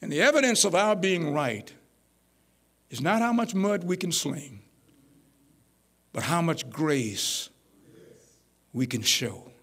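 A middle-aged man preaching a folksy, animated sermon as pastor. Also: fairly high pitch, takes it slowly, long pauses, husky. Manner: folksy, animated, rising to near-shouts.

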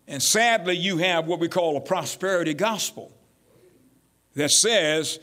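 A pastor preaching a sermon, calling out to his congregation and building to shouts. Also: on the high side, very animated, moderate pace, creaky. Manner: call-and-response preaching, rising to shouts.

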